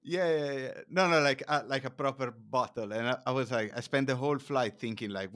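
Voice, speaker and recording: A man as a podcast guest, telling stories in a casual, animated way. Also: mid-range voice, a little fast, few pauses, no echo, clean studio sound. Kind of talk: casual chat.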